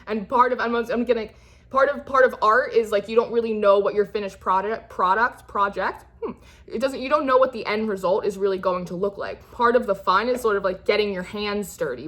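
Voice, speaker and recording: A woman's voice: mid-range voice, a bit bright. A young woman giving a casual, reassuring tarot reading, chatty and rambling, with many fillers and restarts. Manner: reassuring and encouraging. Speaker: tarot reader.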